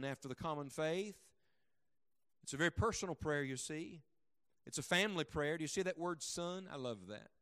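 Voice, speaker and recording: Middle-aged male evangelist with a high voice, preaching with emphatic build-ups and quiet asides to a congregation. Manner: emphatic, rhetorical questions, swings between loud and hushed. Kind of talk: sermon. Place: church meeting room with congregation.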